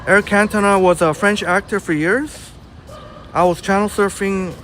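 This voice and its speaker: This livestream host strolls a city street, chatting casually and calling out viewers by name as he reads their messages. He has a high, slightly bright voice with fairly even intonation and a moderate pace, plus a bit of background hiss or hum.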